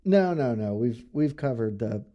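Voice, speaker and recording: A man's voice: medium pitch, animated, measured pace, warm tone. A man co-hosting a casual podcast, talking in a playful, enthusiastic way with lots of "dude" and "like". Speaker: co-host.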